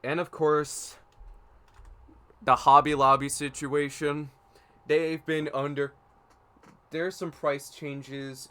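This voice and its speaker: A man with a smooth, resonant voice co-hosts a casual podcast. He talks eagerly about what he is looking forward to and offers confident predictions, at a mid-range pitch. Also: sharp tone. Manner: enthusiastic, makes predictions, frustrated by tech issues. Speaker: podcast co-host.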